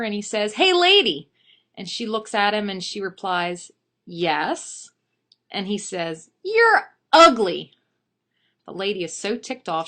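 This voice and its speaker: A woman's voice: medium pitch, fairly bright tone. A woman in her thirties, telling a joke and then chatting playfully about herself and her work. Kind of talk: storytelling to an audience.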